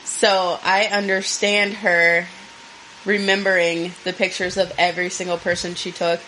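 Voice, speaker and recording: A woman co-hosting a casual podcast, blunt and animated, swearing freely. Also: lowish voice, measured pace, a little hiss or hum, rough recording. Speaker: podcast co-host. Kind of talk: casual chat.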